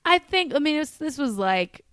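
A woman in her thirties, a comedian guest in a casual podcast chat, candid and quick to laugh, swearing freely. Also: sits high, big pitch swings, no echo, clean studio sound. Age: 30s.

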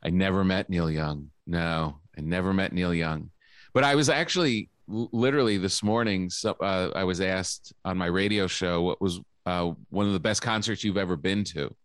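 A man's voice: low-pitched, normal speed, dry recording, studio quality. A man, a comedian guest, telling loose stories in casual podcast chat, laughing often and saying "like" a lot.

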